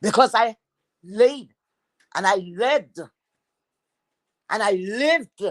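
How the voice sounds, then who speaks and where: A woman's voice: a little high, lively intonation, extremely slow, dry recording. A woman from Philadelphia hosting a livestream, ranting and taunting a rival with heavy profanity. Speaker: livestream host.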